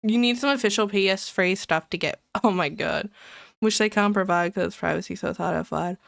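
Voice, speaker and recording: A woman streamer in casual live-stream chat, excitable and giggly, rambling and repeating herself. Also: mid-range voice, a little fast, vocal fry, no room sound, studio quality.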